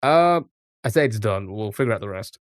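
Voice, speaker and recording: A man's voice: lowish voice, animated, a little fast, no echo. Rambling man streaming with a dry mic. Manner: thinks aloud, rambling, many restarts and fillers. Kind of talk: casual live-stream commentary.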